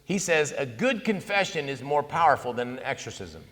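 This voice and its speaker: A man in his fifties giving a conversational, animated talk on Catholic faith at a conference, telling stories with asides. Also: mid-range voice, moderate pace. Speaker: conference speaker. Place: conference hall. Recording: long hall reverb.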